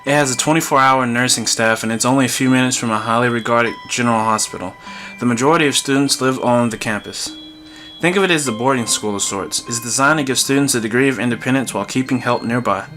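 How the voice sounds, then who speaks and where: A man voicing a calm middle-aged male hospital doctor who explains things in a measured, reassuring way. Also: mid-range voice, faint music behind, lightly acted.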